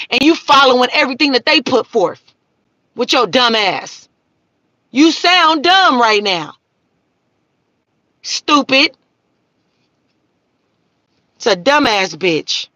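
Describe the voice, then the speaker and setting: A woman's voice: high-pitched, lively intonation, slow pace, long pauses, sharp tone, no room sound, highs cut off. A woman, hosting a live stream and ranting profanely at her viewers. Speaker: livestream host.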